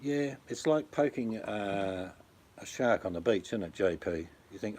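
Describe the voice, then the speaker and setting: A man's voice: on the low side, animated, a little slow, a little mellow. An Australian man chatting casually on a livestream, rambling and blunt, talking to viewers by name. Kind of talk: casual chat.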